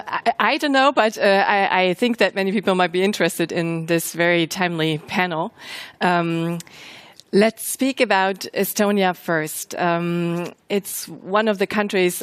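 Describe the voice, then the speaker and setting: A woman journalist interviewing a guest at a conference, asking clear questions in a friendly way with some ums. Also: lowish voice, dry recording.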